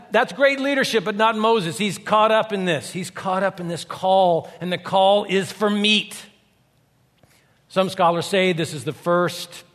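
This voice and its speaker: A man delivers a sermon in a church sanctuary, his voice sitting a little high for a man. He is animated and folksy, acting out quotes with humor. The sound carries a long reverb from the hall. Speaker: guest preacher, university leader.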